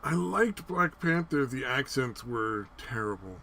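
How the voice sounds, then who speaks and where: A man's voice: medium pitch, expressive, unhurried, creaky, a bit bright. A man co-hosting a casual podcast chat with a wry, joking manner. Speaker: podcast co-host.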